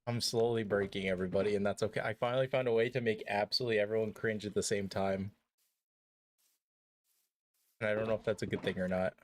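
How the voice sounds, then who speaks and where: A man's voice: fairly low pitch, fairly even intonation, fast talker, long pauses, a little hiss or hum. A young man chatting casually on a live game stream, joking, rambling and swearing freely.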